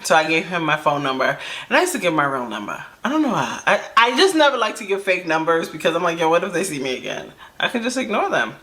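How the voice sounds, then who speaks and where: A woman's voice: lowish voice, quick pace. A woman telling a personal story to camera in a casual vlog, acting out the quoted dialogue as she goes. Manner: animated, acts out quoted dialogue. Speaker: storytime vlogger. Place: indoors under camera lights.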